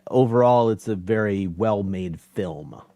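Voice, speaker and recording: A man, a podcast host guesting on a live stream, talking casually and enthusiastically, laughing often and slipping in quick asides. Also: lowish voice, mellow, no echo.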